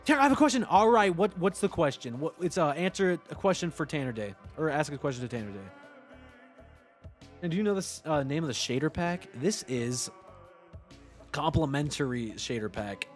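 A man chatting casually on a gaming livestream, excitable, laughing often, swearing and breaking into sudden yelps. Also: fairly high pitch, a little fast, soft background music. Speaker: streamer.

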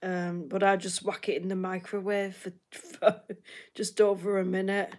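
A woman's voice: medium pitch, little pitch movement, moderate pace, a little mellow. A woman from the north of England with a Northern English accent, chatting casually with viewers on a livestream, laughing often and repeating herself. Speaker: livestream host.

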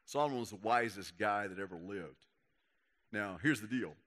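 A man's voice: lowish voice, expressive, normal speed, a bit bright. A young man, a youth pastor giving a folksy, conversational sermon. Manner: folksy, conversational, acts out quotes. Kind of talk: casual sermon to young people.

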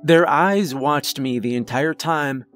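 A man narrating a first-person horror story in a measured, grave, deliberate manner. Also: fairly high pitch, a bit bright. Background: faint music.

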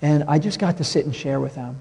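Gravelly pastor with a husky hush. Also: male voice, a little high, a little fast, big-room sound. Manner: storytelling, drops to a soft hush for tender moments. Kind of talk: sermon. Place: church sanctuary.

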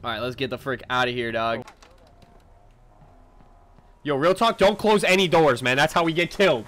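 A young man hosting a let's play, talking excitedly, often shouting and laughing. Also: medium pitch, moderate pace. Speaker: gaming video host. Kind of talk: casual let's play commentary.

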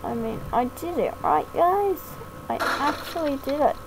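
A woman's voice: high-pitched, sing-song, unhurried. A woman giving a hesitant, self-deprecating, rambling thank-you talk as a gaming YouTuber. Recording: noisy home mic recording.

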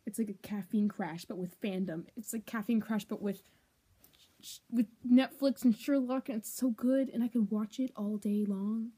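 A woman's voice: mid-range voice, mellow, husky. A young woman vlogging to her camera in a dramatic, gushing way, swinging between whiny outbursts and whispers. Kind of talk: casual confessional vlog.

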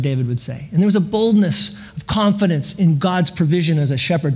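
Animated high-voiced pastor preaching. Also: male voice, moderate pace, few pauses. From California. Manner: animated, storytelling with laughs and playful sound effects. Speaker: guest pastor. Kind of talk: sermon. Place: church sanctuary.

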